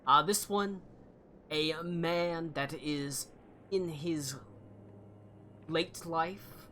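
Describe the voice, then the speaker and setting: Male game master, slow deliberate narration, lots of fillers, bright tone. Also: on the high side, a little hiss or hum.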